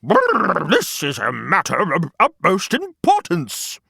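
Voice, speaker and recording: A man's voice: high-pitched, huge pitch swings, creaky, pushed and bright, husky, no echo, clean studio sound, full character voice. Pompous turkey, formal and drawn out, man voicing. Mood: grand. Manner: slow, formal and grand. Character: pompous self-important male turkey.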